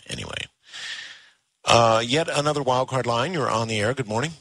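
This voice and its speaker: A man hosting a call-in radio show, speaking in a measured, deliberate way from a studio microphone. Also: mid-range voice, fairly bright tone, no room sound. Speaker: radio talk show host.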